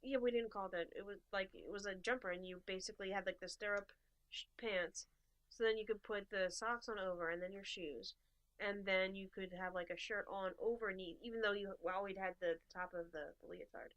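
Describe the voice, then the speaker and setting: A woman co-hosting a casual chat podcast, her voice sitting at a middle pitch for her sex. She keeps things light with wry asides and playful teasing. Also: fairly even intonation, fairly quick, a bit bright. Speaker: podcast co-host.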